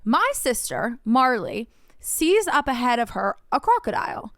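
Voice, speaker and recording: A young woman co-hosting a podcast, telling a long story in casual chat, animated, swearing often and filling her talk with "like". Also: on the high side, a little slow, no room sound, studio quality. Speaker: podcast co-host.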